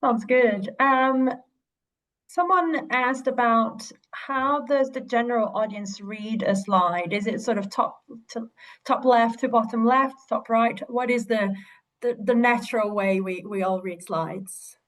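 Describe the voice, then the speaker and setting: A woman's voice: fairly high pitch, measured pace, rough recording. A woman moderating a webinar, reading audience questions aloud to the guest. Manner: reads questions out with soft fillers.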